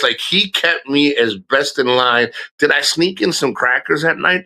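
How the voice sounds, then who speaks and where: A man's voice: on the high side, normal speed, vocal fry, few pauses, sharp tone. A middle-aged man streaming live, talking casually and candidly, swearing and restarting his sentences often. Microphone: streaming microphone.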